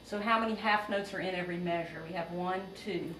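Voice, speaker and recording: A woman's voice: on the low side, brisk, fairly bright tone. Patient woman teaching music rhythm. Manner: patient, step-by-step explaining. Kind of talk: music theory lesson. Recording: roomy, distant, noisy home recording.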